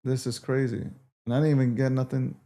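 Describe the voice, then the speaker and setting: A man's voice: medium pitch, flat delivery, brisk, warm tone. A man hosting a livestream, talking casually to his viewers and swearing in exasperation as he repeats himself. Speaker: livestream host.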